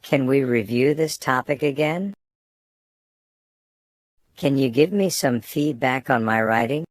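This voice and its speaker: A man's voice: mid-range voice, a little slow, no echo. Man reading student phrases, dry and close. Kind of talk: scripted phrase reading for learners.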